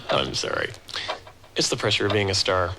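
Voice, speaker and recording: Max Headroom, a stuttering computer host. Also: male voice, mid-range voice, huge pitch swings, unhurried, heavy background noise. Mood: boastful. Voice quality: glitchy stutter, repeating syllables. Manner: cheeky, punning, self-important. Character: smug stuttering male computer-generated TV host. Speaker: talk show host.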